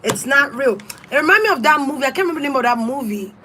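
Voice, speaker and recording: A woman's voice: sits high, expressive, racing, sharp tone, slight background noise, low-quality recording. A woman reading tarot and giving casual spiritual advice in a blunt, emphatic, profane way. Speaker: tarot reader.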